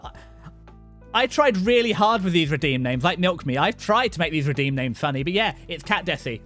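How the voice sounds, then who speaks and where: A young British man hosting a livestream, rambling and joking excitably with many restarts. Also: a little high, fairly quick, faint music behind. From Britain. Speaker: VTuber streamer host. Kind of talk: casual livestream chat.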